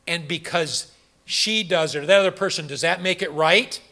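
Bright gravelly-voiced male preacher. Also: fairly high pitch, moderate pace. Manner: animated, acts out quoted voices, asks the audience questions. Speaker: pastor. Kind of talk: sermon.

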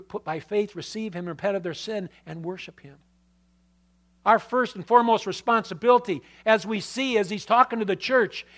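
A man preaching a sermon who reads scripture aloud and asks the congregation questions, with swings between emphatic and quiet delivery. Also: sits high. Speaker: pastor.

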